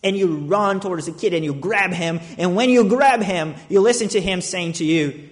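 A man's voice: high-pitched, moderate pace. A man preaching a sermon to a church gathering, reading scripture, praying and telling a story with emphatic, dramatic rises. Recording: long reverb of a large hall.

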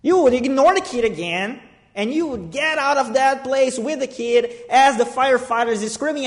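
A man's voice: very high-pitched, expressive, moderate pace. A man preaching a sermon to a church gathering, reading scripture, praying and telling a story with emphatic, dramatic rises. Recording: long reverb of a large hall.

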